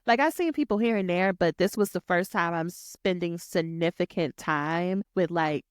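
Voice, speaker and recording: A woman, hosting a podcast and telling a personal story in a lively, chatty way, acting out what others said. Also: on the low side, normal speed, smooth, no echo, clean studio sound. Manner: animated, talks to listeners as y'all, acts out quotes. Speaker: podcast host. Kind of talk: storytelling monologue.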